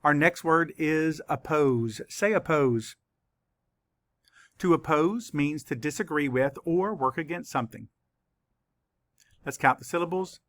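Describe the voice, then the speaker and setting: A man with a voice a little higher than the typical male range leads a spelling lesson for children, sounding out each word slowly and deliberately, one letter at a time. His tone is slightly bright, and the recording is close and dry with no room sound.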